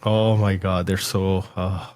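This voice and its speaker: A man hosting a podcast in casual chat, enthusiastic and reacting quickly. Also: low-pitched, flat delivery, darkish tone. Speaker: podcast host.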